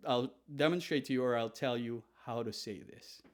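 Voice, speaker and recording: A man teaching a language lesson in an animated way, demonstrating polite phrases softly and often. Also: medium pitch, normal speed. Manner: animated, demonstrating phrases with soft deferential repetition.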